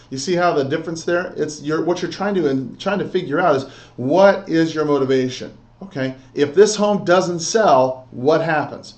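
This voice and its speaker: A man's voice: fairly high pitch, moderate pace, hardly any pauses. Coaching man in an echoey room. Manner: coaching, repeats "okay?" and "all right?". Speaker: real estate trainer. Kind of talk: instructional talk with role-play.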